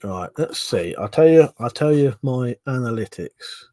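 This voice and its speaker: A man's voice: medium pitch, lively intonation, measured pace, dark tone, no room sound. A man hosting a casual live stream, drunk, swearing a lot and laughing as he reads viewer comments. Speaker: livestream host.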